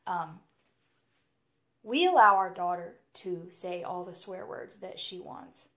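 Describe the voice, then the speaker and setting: A woman's voice: lowish voice, animated, slow, fairly bright tone. A young woman hosting a podcast alone, talking frankly and casually, with frequent laughs and lots of "you know". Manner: chatty and frank, laughs often, says "you know" a lot. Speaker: podcast host. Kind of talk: casual solo podcast talk.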